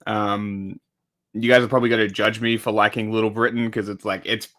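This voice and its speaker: Bright-voiced, swearing streamer guy. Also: fairly low pitch, flat delivery, brisk. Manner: rambling and profane, with many restarts and fillers. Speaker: livestreamer commenting on news. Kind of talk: casual live-stream chat.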